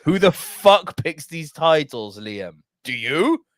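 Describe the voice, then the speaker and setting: Animated, swearing young podcast host. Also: male voice, fairly high pitch, takes it slowly, no echo, clean studio sound. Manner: animated, profane and emphatic. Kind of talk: casual podcast chat.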